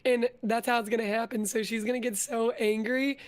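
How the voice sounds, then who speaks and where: Giggly young woman guest on a playful chat stream, voice on the high side. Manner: giggly, animated, quick to laugh. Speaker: vtuber guest.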